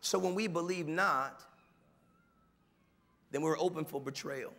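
A male pastor preaching a sermon in a church, animated, dropping to quiet asides and rising to shouted mimicry. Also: on the high side, a little slow, long reverb tail. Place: church sanctuary.

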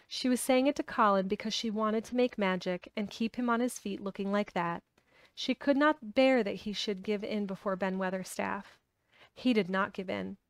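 A woman reads a children's novel aloud at an even pace and with plenty of expression. Her voice sits in the middle register. The recording is dry, with no room echo. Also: mid-range voice, normal speed, clear, resonant tone. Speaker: audiobook reader. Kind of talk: storybook reading.

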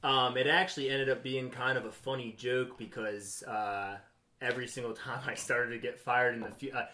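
A man's voice: mid-range voice, fairly even intonation, normal speed, pushed and bright, a little hiss or hum. A man who is a bartender, a podcast guest, talking in a laid-back, hesitant way with frequent fillers. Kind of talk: casual podcast interview.

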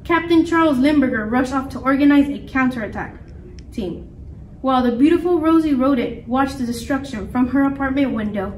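High-voiced woman reading a storybook. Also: fairly quick. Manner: lively expressive reading. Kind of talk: reading a picture book aloud. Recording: echoey room, mic far off, faint noise.

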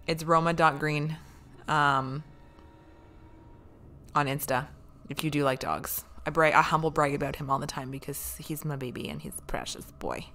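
Low-voiced woman chatting with her stream. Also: fairly bright tone. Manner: joking and chatty, swears freely. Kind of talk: casual live-stream chat with viewers.

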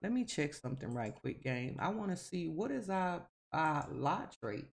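A woman's voice: low-pitched, big pitch swings, normal speed, vocal fry. Chatty woman scolding her game characters. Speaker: gaming video host. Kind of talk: casual game commentary.

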